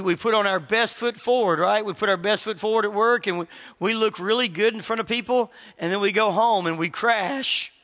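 High, bright-voiced pastor in an echoey hall. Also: male voice. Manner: animated storytelling, acts out quoted voices. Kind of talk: sermon.

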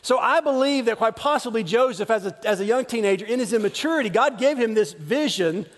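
Casting: forties pastor, high-pitched, loose storytelling sermon, long hall reverb. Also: male voice, lively intonation, brisk. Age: 40s. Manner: chatty, self-deprecating, frequent restarts and asides. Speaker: preacher.

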